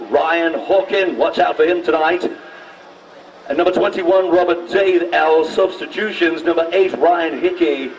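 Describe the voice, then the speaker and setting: A man announcing team lineups over a stadium loudspeaker, hyping the crowd with a put-on English accent. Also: fairly high pitch, muffled recording. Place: football ground, outdoors, over loudspeakers. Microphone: stadium public address mic, heard from afar. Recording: distant PA voice with crowd noise.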